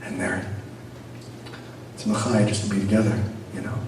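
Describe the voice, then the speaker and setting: A rabbi telling a teaching story in an animated way, with a few Yiddish words mixed in. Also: male voice, on the low side, moderate pace. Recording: very echoey room, distant mic, noisy.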